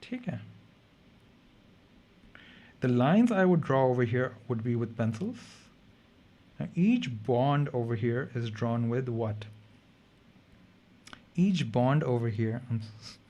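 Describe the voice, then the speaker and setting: Medium in pitch and warm, this chemistry tutor's voice is expressive yet slow, with long pauses and lo-fi sound. Running a late-night online revision class, he's tired but casual, frequently checking on his students.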